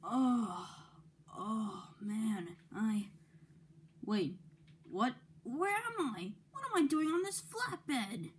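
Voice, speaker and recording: A woman's voice: sits high, slow pace, hardly any pauses, a little hiss or hum, voice pushed up, full character voice. A woman doing a plucky little boy engine. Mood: worried. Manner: excitable, cries out. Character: cheerful little male tank engine hero. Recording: music playing underneath.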